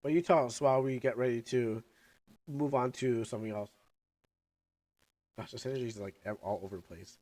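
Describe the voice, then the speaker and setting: A young man with a sick, cough-prone voice chats loosely on his livestream. He rambles, restarts and trails off. He talks around candy in his mouth, at an ordinary middle pitch. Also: fairly quick, long pauses, a little mellow. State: sick, coughing, recovering lungs. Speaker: streamer. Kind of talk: casual livestream chat.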